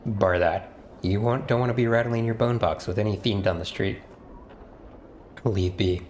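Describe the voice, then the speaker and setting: A man's voice: fairly low pitch, moderate pace, a little mellow, slight background noise, natural voice. A man reading the lines of a cautious, wisecracking male game companion in a plain read-aloud manner. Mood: wary.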